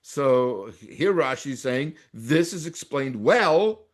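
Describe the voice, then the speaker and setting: This is a rabbi with an American accent leading a Torah class, his medium-pitched voice slow and expressive. He restarts frequently while reading Hebrew passages aloud and rendering them in translation.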